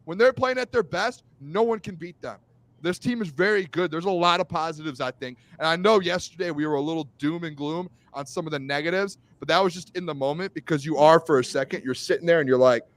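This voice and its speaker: A young man co-hosting a sports talk show, excitable and teasing, often shouting. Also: high-pitched, quick pace, dry recording. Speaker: co-host.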